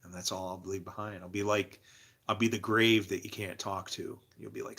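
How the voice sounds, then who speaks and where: Male livestream host, bright and cutting tone, rambling, confessional, swears freely, drifts into religious musing. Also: on the low side, fairly even intonation, a little fast, gravelly. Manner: talks to chat viewers by name. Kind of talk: casual livestream monologue.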